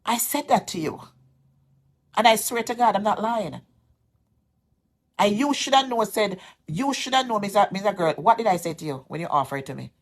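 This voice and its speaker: A woman's voice: mid-range voice, expressive, normal speed, long pauses. A Jamaican woman vlogger speaking straight to camera, insistent and aggrieved, repeating her points as she calls someone out. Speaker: social media vlogger. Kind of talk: heated direct-to-camera callout.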